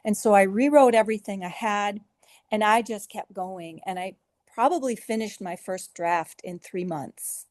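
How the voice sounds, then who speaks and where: A woman's voice: medium pitch, normal speed, no room sound, studio quality. A middle-aged woman, an author being interviewed, telling her story earnestly and with feeling. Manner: earnest, emotional, with soft laughs and filler restarts. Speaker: author guest.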